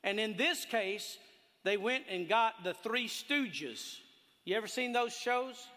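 A man preaching a sermon in a folksy, animated way, telling stories and laughing along with them. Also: sits high, slow pace. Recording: long hall reverb.

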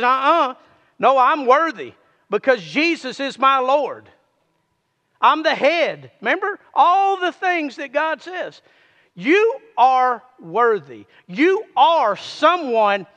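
A man preaches in a strikingly high, bright voice that swings widely in pitch. He takes his time, pressing the congregation to say lines back to him. His words ring out with a long reverb, as in a large hall. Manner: call-and-response, urging listeners to repeat. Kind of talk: sermon.

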